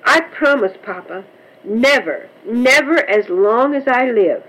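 A woman's voice: a little high, animated, slow pace, fairly bright tone, heavily acted, low-quality recording. A woman voicing a tearful little girl under ten who pleads with her father. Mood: earnest. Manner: pleading, sobbing.

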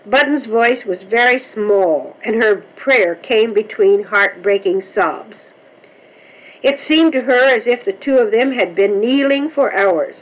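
A woman reading a children's story aloud in a gentle, measured way. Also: on the high side, animated, rough recording. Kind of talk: storybook narration.

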